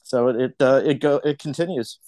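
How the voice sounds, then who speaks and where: A middle-aged man telling animated stories as a guest in a casual interview, acting out the people he quotes. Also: medium pitch, brisk, no echo. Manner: animated anecdotes, acts out quoted voices. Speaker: filmmaker guest.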